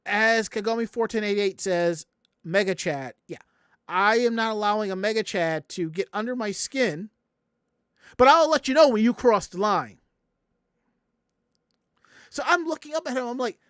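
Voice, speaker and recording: A man's voice: high voice, a little slow, smooth, dry recording, clean studio sound. A man from the American South, hosting a casual podcast and telling a long story that acts out everyone's quoted lines. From Southern United States. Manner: animated, acts out quoted voices. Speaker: podcast host.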